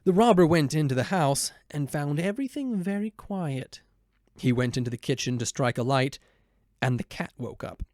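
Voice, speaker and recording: A man reading a children's storybook aloud in an expressive, animated way. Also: on the high side, normal speed, dry recording, studio quality. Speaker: storybook narrator. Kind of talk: scripted storybook narration.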